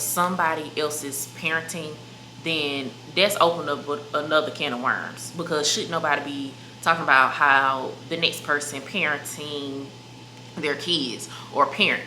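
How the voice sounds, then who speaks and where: A young woman vlogger talks straight to her viewers in a loose, emphatic sit-down chat. Her voice is bright and sits a little low. She is recorded in an echoey room with a faint hiss. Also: moderate pace. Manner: chatty, emphatic, addresses viewers as "y'all" and "baby". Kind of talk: casual sit-down chat to camera.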